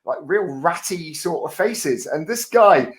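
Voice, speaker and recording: A man's voice: a little high, lively intonation, measured pace, a bit bright. A man casually chatting as a podcast co-host, explaining at length with a thoughtful, hesitant manner. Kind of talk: casual chat.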